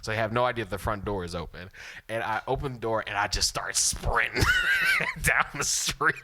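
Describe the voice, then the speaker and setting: A young man co-hosting a podcast, telling a funny story in an animated, laughing way. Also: lowish voice, normal speed. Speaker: podcast co-host. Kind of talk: casual storytelling chat.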